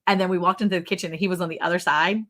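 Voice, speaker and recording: A woman hosting a casual livestream chat, telling stories in a chatty, animated way and laughing often. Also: on the low side, racing. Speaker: livestream host.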